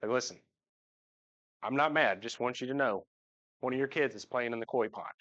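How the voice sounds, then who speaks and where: A man's voice: medium pitch, moderate pace, fairly bright tone, lo-fi sound. A man, giving a heartfelt, joking personal talk to his church congregation. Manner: joking storyteller, voice jumps up when imitating. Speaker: church member speaking to the congregation. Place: church sanctuary.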